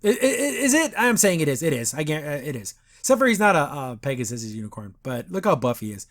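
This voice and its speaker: A man's voice: on the high side, very animated, fast talker, fairly bright tone. Rambling sarcastic man recapping a cartoon. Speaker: podcast host reviewing a cartoon. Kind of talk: casual episode recap.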